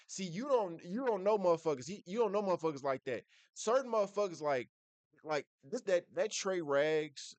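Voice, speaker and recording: A man's voice: high-pitched, expressive, normal speed, no room sound. A man hosting a reaction video, talking in casual, blunt slang full of profanity, with "bruh" after nearly every thought. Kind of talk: casual commentary reacting to a clip.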